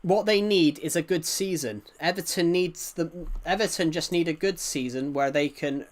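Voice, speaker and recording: A man's voice: a little high, normal speed. A man with an English-Welsh border accent, chatting casually on a livestream, rambling and answering viewers' comments.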